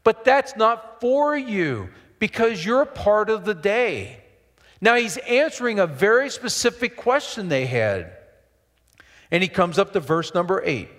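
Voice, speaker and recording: A middle-aged man preaches with a high, ringing voice, full of emphatic bursts and quick asides to his listeners. His words carry a long reverb through a church hall. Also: a bit bright. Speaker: pastor. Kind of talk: sermon. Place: church sanctuary.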